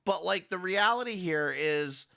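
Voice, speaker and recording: A man's voice: high voice, lively intonation, unhurried, creaky, pushed and bright, clear, resonant tone. A man hosting a live commentary stream, talking casually and sarcastically, greeting chatters by name and rambling with restarts and swearing. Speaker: livestream commentary host.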